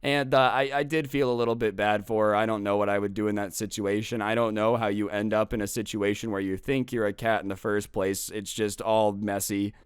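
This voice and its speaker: Smooth-voiced young man telling a story. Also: lowish voice, dry recording, clean studio sound. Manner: animated, rambling, quick asides and quoted voices. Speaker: storytime YouTuber. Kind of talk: casual storytelling monologue.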